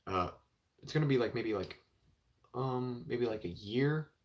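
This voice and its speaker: A man's voice: medium pitch, animated, unhurried. A young man chatting casually on a live stream about comic books, rambling and filling with 'like' and 'you know'. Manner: rambling, heavy with filler words.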